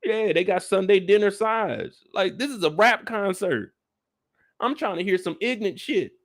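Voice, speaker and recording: A man hosting a casual live after-show discussion, ranting comedically with heavy slang and swearing, and jumping into loud voices for the people he quotes. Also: sits high, moderate pace. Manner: animated, comedic rant with lots of slang and swearing. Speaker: show reaction host.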